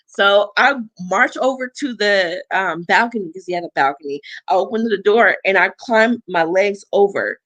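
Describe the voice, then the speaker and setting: Young adult woman guest, animated storyteller, mid-range pitch, dry mic. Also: normal speed, hardly any pauses, no echo. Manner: animated, acts out quoted dialogue with big pitch swings. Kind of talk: personal storytelling.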